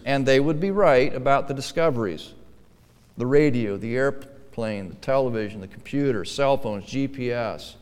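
A pastor delivers his sermon in a smooth, resonant man's voice, with a long reverb trailing each phrase through the hall. He moves from soft, low asides to loud, pressing lines that drive each point home. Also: normal speed. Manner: emphatic preaching, swinging between quiet asides and forceful stressed lines.

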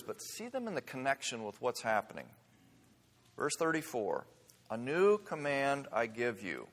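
A man preaching a sermon as pastor, earnest and building to fervent emphasis at points. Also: mid-range voice. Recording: long hall reverb.

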